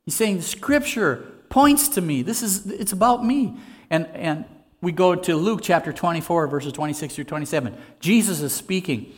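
A man's voice: high voice, lively intonation, normal speed. A man preaching a sermon in an earnest, conversational way, asking his listeners rhetorical questions. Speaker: pastor.

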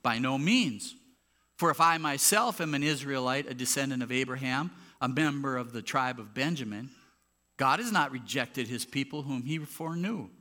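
A man's voice: medium pitch, lively intonation, moderate pace, pushed and bright. A man preaching a sermon as pastor of a church, conversational and emphatic when making a point. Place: church sanctuary. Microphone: handheld or clip mic with popping.

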